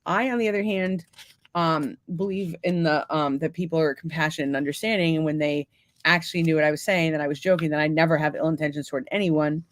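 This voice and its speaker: A woman's voice: low-pitched, steady tone, fast, no echo. A woman co-hosting a podcast with her husband, bantering brashly and teasing him, often breaking into laughter. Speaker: podcast co-host. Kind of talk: casual married-couple banter.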